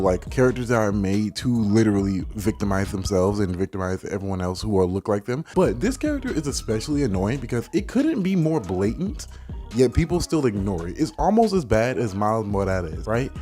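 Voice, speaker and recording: A man's voice: lowish voice, a little mellow. A young man giving a heated, dismissive rant as a video commentator, packed with filler words and swearing. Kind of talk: casual ranting commentary.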